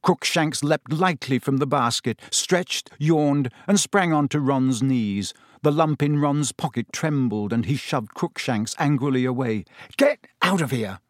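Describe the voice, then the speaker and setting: A man narrating an audiobook with expressive storytelling. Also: medium pitch, measured pace, few pauses, dry recording, clean studio sound. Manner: expressive storytelling with character voices. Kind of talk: scripted narration.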